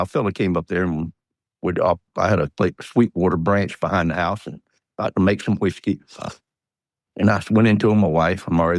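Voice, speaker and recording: Folksy older Georgia man, low voice. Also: no echo, studio quality. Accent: Southern US, Georgia. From Georgia, USA. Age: 80s. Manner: folksy rambling storyteller, chuckles. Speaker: guest. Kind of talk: storytelling interview.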